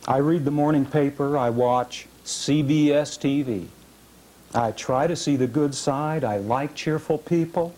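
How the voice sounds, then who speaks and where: A man with a mid-range, slightly mellow voice performs his own first-person fiction at a reading series event. He delivers it with measured drama and long, heavy pauses.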